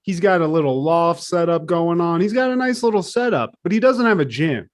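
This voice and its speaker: A man co-hosting a casual comedy podcast, retelling a TV episode in an animated, swearing way and acting out the scenes in quick voices. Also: fairly high pitch. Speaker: podcast co-host.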